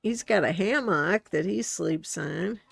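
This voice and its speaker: Brief: easygoing woman game streamer, gravelly voice, slow chatty delivery. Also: lowish voice, no echo, faint music behind. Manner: chatty, giggly, talks to her viewers. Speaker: streamer, host. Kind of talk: relaxed gameplay commentary.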